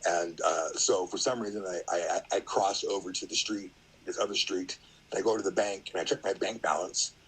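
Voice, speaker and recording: A man's voice: deep voice, fairly even intonation, a little fast, slightly rough, low-quality recording. A middle-aged man, a podcast guest, telling a story in a rambling, casual way, full of fillers and acted-out quotes.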